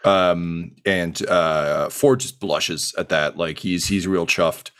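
Laid-back game master narrating. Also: male voice, low voice, steady tone, slow, fairly bright tone, clean tone. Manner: casual, filler-heavy narration.

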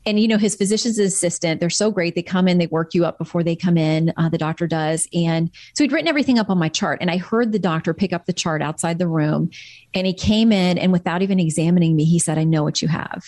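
A woman's voice: lowish voice, fast talker, darkish tone, no echo. A woman guest in a candid interview, talking earnestly and reflectively about her faith.

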